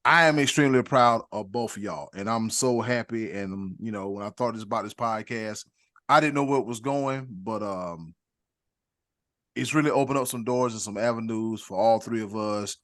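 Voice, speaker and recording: A man hosting a casual sports podcast, rambling warmly and hyping up his co-hosts with big introductions. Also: on the low side, normal speed. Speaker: podcast host.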